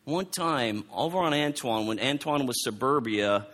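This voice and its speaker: A middle-aged man preaching a sermon, telling a personal story in a halting way, often repeating his words, and reading scripture aloud. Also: mid-range voice, lively intonation, a bit bright. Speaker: pastor.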